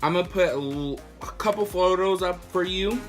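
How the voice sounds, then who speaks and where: A man's voice: high voice, moderate pace, soft background music. A man talking casually through a makeup tutorial, chatty and slangy, explaining each step while he works. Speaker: makeup vlogger.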